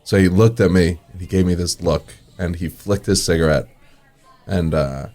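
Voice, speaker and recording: Deep-voiced New man telling stories. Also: moderate pace, darkish tone. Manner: acts out quoted dialogue in anecdotes, chuckles often. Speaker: restaurant owner, interview guest. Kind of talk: casual storytelling in an interview.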